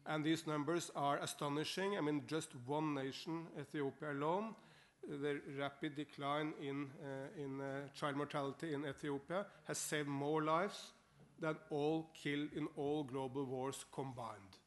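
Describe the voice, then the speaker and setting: A middle-aged man with a Norwegian accent gives a formal speech in a parliament chamber. His voice sits a little high for a man. He sounds upbeat and often repeats a word as he goes. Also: fairly even intonation, unhurried. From Norway. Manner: upbeat, repeats words while searching for them. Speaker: guest speaker.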